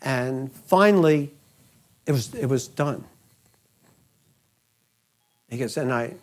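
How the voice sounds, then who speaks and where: A man's voice: mid-range voice, slow pace, pauses often. A middle-aged man hosting a podcast, retelling another man's account and quoting him at length. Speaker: podcast host. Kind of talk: podcast storytelling.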